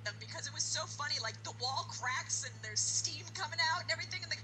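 A woman co-hosting a casual podcast chat about horror films, animated and quick to laugh, acting out movie lines. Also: sits high, faint music behind, low-quality recording. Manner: animated, acts out movie lines in exaggerated voices, laughs often. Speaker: podcast co-host.

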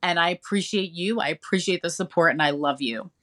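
A woman radio DJ appears as an interview guest, chatting enthusiastically in a casual way with many fillers. Her voice is fairly low and a bit bright, and she speaks fairly quickly.

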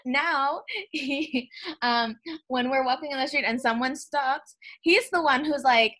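Young woman co-host, bright upbeat voice, laughs a lot, playful quoted voices. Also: high-pitched, unhurried. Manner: chatty, laughs often, acts out quotes. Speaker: podcast co-host. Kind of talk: casual chat.

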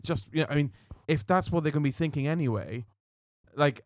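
A man's voice: fairly high pitch, a little fast, a little mellow, dry recording. Earnest British man, dry close sound. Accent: British English. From Britain. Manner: earnest, thoughtful, with many restarts. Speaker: podcast co-host. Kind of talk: casual chat. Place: outdoors in a park.

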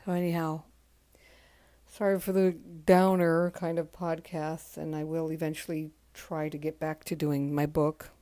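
Weary low-voiced woman, soft and halting. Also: level tone, dry recording. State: exhausted from crying. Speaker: podcast host. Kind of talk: casual spoken tribute monologue.

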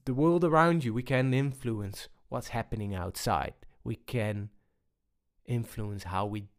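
A man speaks to an audience at a slow, deliberate pace, his voice sitting at a middle pitch. He pauses often, restarts his sentences and speaks in a plain personal tone. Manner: unhurried, many pauses and restarts. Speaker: speaker on balance.

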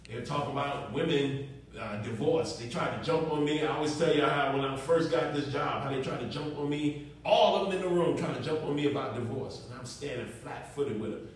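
Man, preacher, high voice, emphatic, talks straight to the congregation, booming church echo, distant mic. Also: fairly quick, a little hiss or hum. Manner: emphatic, conversational, addresses the congregation directly. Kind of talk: sermon. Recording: echoey room, mic far off.

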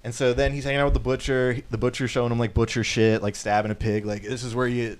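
A man's voice: mid-range voice, little pitch movement, fast talker, hardly any pauses. A man co-hosting a podcast, retelling a movie plot in a loose, rambling way, swearing and acting out the lines. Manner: rambling, swears freely, acts out quotes. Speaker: podcast co-host. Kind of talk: casual movie recap.

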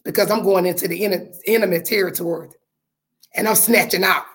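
A woman hosting a podcast, talking to her listeners with fervent, repetitive, preacher-like faith talk, her voice going hoarse. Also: medium pitch, quick pace. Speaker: podcast host.

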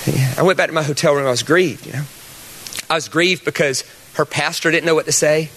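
A man preaching a sermon, telling stories and rising to loud, emphatic peaks. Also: fairly high pitch, moderate pace, a little hiss or hum. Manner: animated storytelling, rises to loud emphatic peaks.

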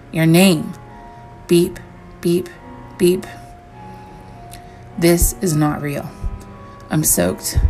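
A woman reading a first-person horror story aloud, measured and slowing down on the eerie lines. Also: low-pitched, vocal fry, darkish tone. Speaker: story reader.

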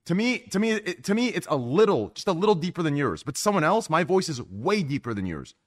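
A young man with a deep voice hosting a podcast, loud and excitable, swearing freely in casual chat. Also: brisk. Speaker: podcast host.

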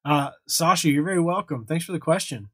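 A man's voice: on the high side, expressive, brisk, a bit bright, slightly rough, dry recording. Laid-back man hosting a live chat. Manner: laid-back, chatty, reads and thanks viewers. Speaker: livestream host answering chat.

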